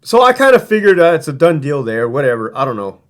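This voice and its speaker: A man's voice: fairly high pitch, very animated, quick pace. A man who used to be a prison guard tells stories in a casual, profane, streetwise way, rambling and restarting his sentences. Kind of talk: casual storytelling.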